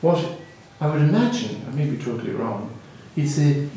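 A man with an Irish accent, a native Gaelic speaker, giving a reflective spiritual talk in a musing, gently humorous storytelling manner. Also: a little high, expressive, normal speed, slight background noise. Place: hall with a live audience. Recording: very echoey hall, mic far off.

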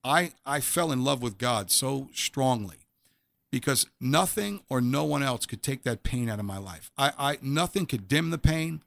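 A man's voice: medium pitch, lively intonation, normal speed, vocal fry, fairly bright tone. A middle-aged man telling his personal faith testimony in an interview, earnest and emphatic, often repeating the first word of a phrase. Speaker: guest sharing a faith testimony.

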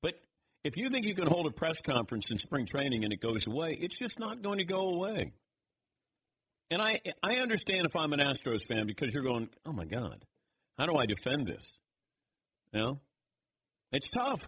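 Animated sports radio host, man. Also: brisk, breathy edge. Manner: animated, swings pitch widely. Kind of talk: sports talk radio, taking calls.

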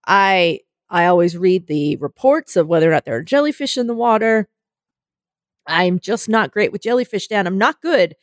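A young woman in casual conversation, telling a story with lively acted-out voices and the odd swear word. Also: mid-range voice, moderate pace, no echo, clean studio sound. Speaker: co-host.

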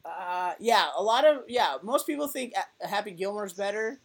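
A woman in her twenties co-hosting a podcast, chatting casually and telling an animated story full of fillers. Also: mid-range voice, normal speed, slightly rough. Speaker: podcast co-host. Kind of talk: casual chat.

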